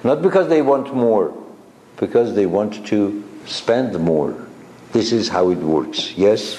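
A man teaching a class on a spiritual text, talking slowly in short halting phrases and asking his listeners questions, with English as a second language. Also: on the low side, lively intonation, mellow, roomy sound, rough recording. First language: not English.

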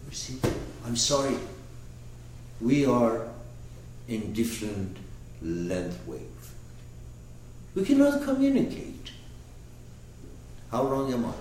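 A man teaching a lecture on a classic poet's book, emphatic and animated, often restarting and repeating words. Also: mid-range voice, takes it slowly, pauses often, a little hiss or hum. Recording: echoey room from far off.

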